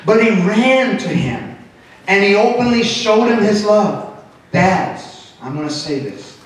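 A middle-aged man preaches a sermon with animated delivery and a fairly high voice. He is picked up from some distance in a very echoey church hall. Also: slow. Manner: animated, switches into Spanish, acts out quotes. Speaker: pastor. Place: church sanctuary.

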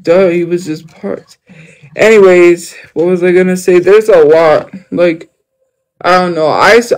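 A man's voice: sits high, poor audio. A young man chatting casually on a livestream. He rambles, jumps between topics and fills his talk with fillers.

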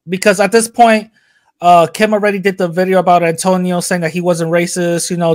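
Animated, profane man telling a story. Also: sits high, normal speed. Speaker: podcast co-host. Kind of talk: casual podcast chat.

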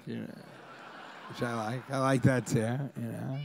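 A man from Colorado doing a rambling stand-up comedy set on a club stage, shouting out bits of crowd work and acting out fans yelling at him. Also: mid-range voice, moderate pace, gravelly, slight background noise.

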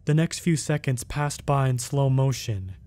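A man narrating a first-person scary story in a steady, measured way. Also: mid-range voice, soft background music.

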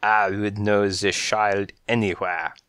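A man voicing a fussy, elegant tomcat, talking slowly and precisely in a storybook reading. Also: lowish voice, level tone, fairly bright tone, clean tone, no room sound, studio quality. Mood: suave. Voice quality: slow, precise, mannered. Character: fussy elegant French tomcat, smooth and slow.

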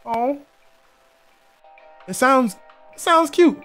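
A young man streaming a game, joking around and chatting with his viewers. His voice is fairly high and very lively, swinging up and down as he reacts. Faint music plays underneath. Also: very slow. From South Carolina. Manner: animated, joking, talks to chat. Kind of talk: casual gaming commentary.

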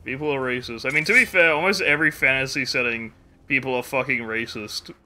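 A man's voice: medium pitch, a little fast, sharp tone, a little hiss or hum. A man streaming a game live, rambling casually, swearing freely and laughing often. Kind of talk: casual gameplay chat.

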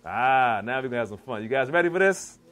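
A man's voice: medium pitch, animated, quick pace, fairly bright tone. A man from the DC and Maryland area with a Maryland accent, giving a live cooking demonstration in a church hall, playful and quizzing his audience in call and response. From Washington DC / Maryland area, US. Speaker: chef giving a cooking demo.

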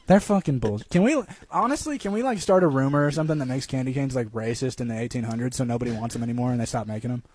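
A man's voice: mid-range voice, fast, a little mellow, husky. A man co-hosting a comedy podcast in casual chat, ranting jokily with lots of swearing. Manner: profane, ranting, jokey. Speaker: podcast co-host.

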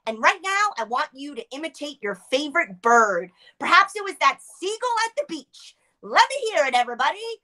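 A woman leading a group through voice and face warm-up exercises on a video call, upbeat and coaching. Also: sits high, sing-song, moderate pace, hardly any pauses. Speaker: warm-up leader.

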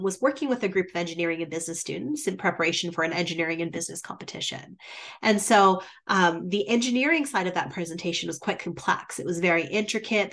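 A woman's voice: mid-range voice, fairly bright tone. A woman teaching presentation skills in a webinar, shifting her volume and pace for emphasis, with frequent "um" fillers. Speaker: business presentation instructor.

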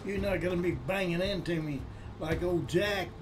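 A man's voice: high-pitched, normal speed. An older man, the host's father, chatting in a folksy, teasing way while the family plays a game. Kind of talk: casual chat. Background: game music.

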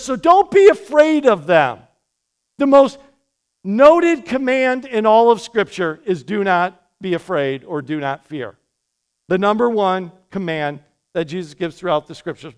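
A man preaching with a high, smooth, resonant voice. He talks to the congregation in an energetic, conversational way and drops in quick asides. The sound of a live church sermon. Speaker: pastor. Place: church sanctuary.

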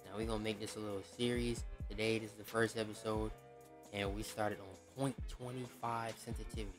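A man giving casual gameplay commentary as a gaming YouTuber, slangy and profane, often shouting at the game. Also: lowish voice, flat delivery, brisk, over music.

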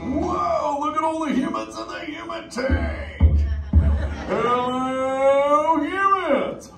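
Surfer dude turtle, high bouncy voice, echoey far-off theater with loud music. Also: male voice, slow. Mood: laid-back. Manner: surfer slang, drawling and playful. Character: laid-back surfer-dude sea turtle, male, easygoing. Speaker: live show character chatting with the audience.

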